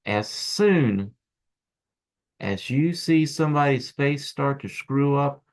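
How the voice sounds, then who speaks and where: A middle-aged man gives a casual acupuncture lecture in an animated, joking way, often turning to speak straight to the viewer. His medium-pitched voice has a gravelly, creaky texture. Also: slow pace. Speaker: acupuncture instructor.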